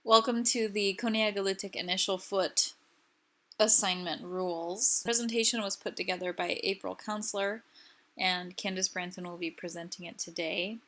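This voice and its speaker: Bright-voiced woman teaching a lecture. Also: medium pitch, steady tone, normal speed. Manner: clear, patient explanatory delivery. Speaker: language teacher presenting. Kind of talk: recorded slide lecture.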